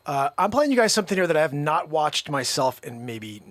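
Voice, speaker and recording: A man's voice: a little high, big pitch swings, fairly quick, fairly bright tone, dry recording. A man hosting a comedy stream, chatting casually to viewers and introducing a clip. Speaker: comedy show host.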